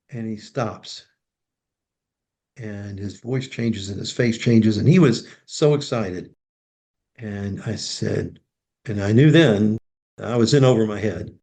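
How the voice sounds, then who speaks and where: Older male storyteller, raspy and gravelly, emotional, acts out dialogue. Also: on the low side, a little slow, dark tone. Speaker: guest, professional Santa Claus. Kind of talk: heartfelt storytelling in interview.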